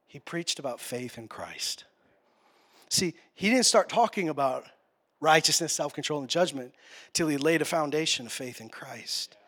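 A male pastor preaching a sermon, passionate, swinging between quiet, tender passages and loud, urgent ones. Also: on the high side, animated, moderate pace, slightly rough.

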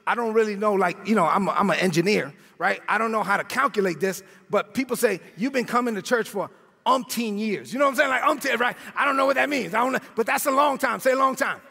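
A man preaching an energetic sermon in a church, often shouting and calling on the congregation to repeat his words. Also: high-pitched, fast, vocal fry, slightly rough. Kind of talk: energetic sermon with call-and-response. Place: church sanctuary. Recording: long hall reverb with faint music.

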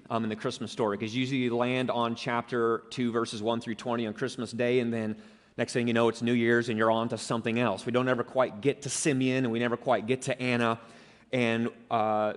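A male pastor delivers his sermon in an earnest, emphatic way, pressing on the words he wants remembered. His voice sits at an ordinary middle pitch. A long church reverb trails after each phrase.

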